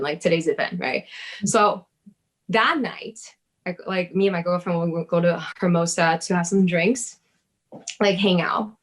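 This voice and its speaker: A woman telling a personal story in casual chat, lively, swearing and laughing, acting out her own past words. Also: medium pitch.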